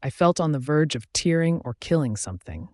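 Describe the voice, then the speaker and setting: A man reading a first-person story aloud as narrator in a steady, even manner. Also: fairly high pitch, fairly quick, dry recording.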